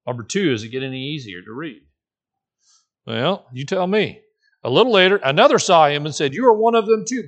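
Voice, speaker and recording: A man preaching a sermon. He is animated, jumps into the voices of the people in the story and often restarts his sentences. His pitch is middling. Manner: animated, acts out the quoted voices, frequent restarts. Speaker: pastor.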